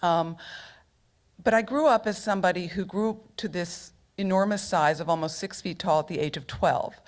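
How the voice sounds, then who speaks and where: A woman's voice: on the low side, moderate pace. A middle-aged woman telling a personal story on stage at a local storytelling event, humorous and chatty, full of asides.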